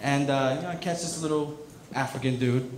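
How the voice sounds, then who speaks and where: A man's voice: mid-range voice, brisk, background noise. A young man doing a stand-up set, telling rambling stories full of fillers. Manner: rambling, filler-heavy storytelling. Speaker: stand-up comedian. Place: comedy club stage. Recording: echoey club room with crowd. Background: audience laughter.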